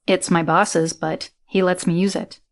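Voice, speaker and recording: Brief: female narrator doing a keen, chatty guy, lower register, audiobook. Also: little pitch movement, unhurried. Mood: eager. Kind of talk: audiobook character reading.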